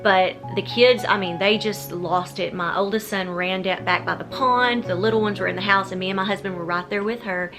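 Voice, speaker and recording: Talking over music, this Texan vlogger speaks fairly quickly with few pauses, in a medium-pitched voice with fairly even intonation. In her casual at-home Q&A, she rambles, restarts her sentences a lot, and addresses viewers directly.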